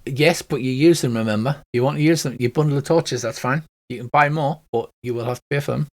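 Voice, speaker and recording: A man's voice: mid-range voice, fast. Man running a tabletop game. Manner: rambling, relaxed, with many fillers. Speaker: game master.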